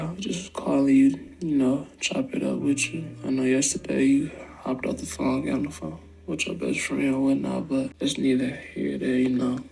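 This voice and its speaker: A man leaving a slow, laid-back voice message, putting on a low, sexy flirting voice. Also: gravelly, a little mellow, poor audio. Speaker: vlog host. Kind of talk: recorded voice message.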